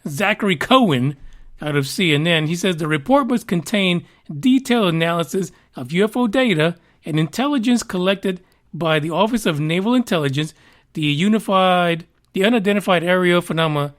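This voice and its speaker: High-voiced man giving profane sarcastic commentary. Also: fairly bright tone. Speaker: podcast host. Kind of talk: casual news commentary.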